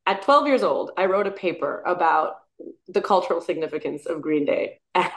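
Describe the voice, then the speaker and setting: A woman's voice: on the low side, lively intonation, moderate pace. A woman in her thirties, a musician and actor, chatting enthusiastically in an interview and laughing often. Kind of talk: casual interview chat.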